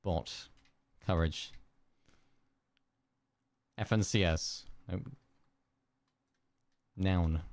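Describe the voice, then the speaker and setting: Young male streamer, unhurried and lowish, trying single-word guesses. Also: steady tone, a little mellow, dry recording. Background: keyboard clicks and typing.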